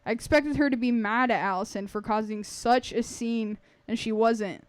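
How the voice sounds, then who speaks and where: Storyteller, wry and earnest, somewhat high, smooth voice. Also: female voice, steady tone, normal speed, dry recording. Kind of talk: reading a personal story aloud.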